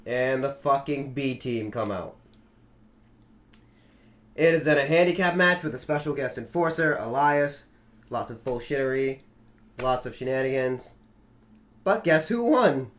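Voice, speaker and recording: Young male podcast host, higher-pitched, swears freely, animated joking recapper. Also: a little slow. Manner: profane, joking, animated storyteller. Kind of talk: casual podcast chat.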